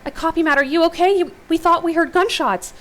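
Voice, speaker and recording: A woman's voice: very high voice, steady tone, fast talker, pitched above the performer's own voice. A woman voicing a worried, tearful young woman answering over a walkie-talkie in a horror story.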